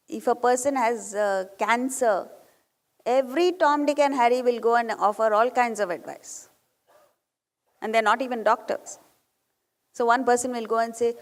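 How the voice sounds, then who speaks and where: A woman's voice: on the high side, long reverb tail. A woman giving a spiritual discourse, telling stories and putting questions to her audience. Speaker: spiritual teacher.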